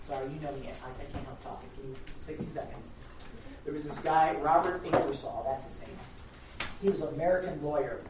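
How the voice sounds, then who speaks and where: A woman pastor preaching a sermon in a rambling, chatty way, with sudden loud emphasis. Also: low voice, background noise. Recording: echoey hall, distant dull mic.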